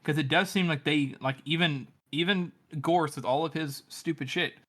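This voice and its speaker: A man's voice: a little high, normal speed, fairly bright tone. A man co-hosting a casual book podcast, rambling with frequent fillers. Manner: rambling, lots of likes and ums. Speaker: podcast co-host.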